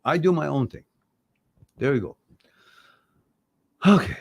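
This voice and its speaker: A man hosting an advice show, answering viewer questions about relationships in a blunt, direct way, swearing casually and swinging between soft and loud. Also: a little high, animated, a little slow, creaky, slightly rough.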